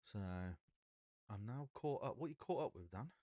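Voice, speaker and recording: A man's voice: on the low side, animated, measured pace, mellow, dry recording. A man chatting casually on a live stream, reading card text aloud and puzzling over a rule while talking into an XLR mic.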